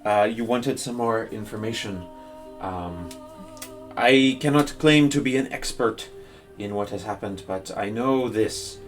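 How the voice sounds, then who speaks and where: A man voicing a weary young nobleman who speaks formally in halting, pause-filled sentences. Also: lowish voice, faint music behind, natural voice. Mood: grave.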